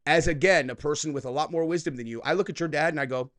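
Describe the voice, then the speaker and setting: A man in his thirties hosting political reaction commentary, sarcastic and mocking with loud outbursts. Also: on the high side, quick pace, few pauses.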